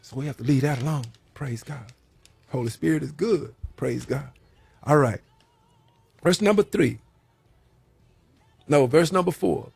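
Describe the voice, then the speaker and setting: A man's voice: on the high side, a little slow, gravelly, pauses often, a little mellow, husky, no room sound, soft background music. A man who served prison time, preaching a sermon in a folksy way and repeating his phrases for emphasis.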